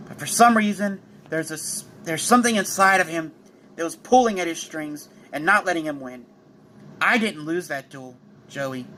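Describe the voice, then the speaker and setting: A man voicing a cold, proud young male rival duelist in a fan storybook telling, speaking low and clipped. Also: sharp tone, slight background noise. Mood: subdued.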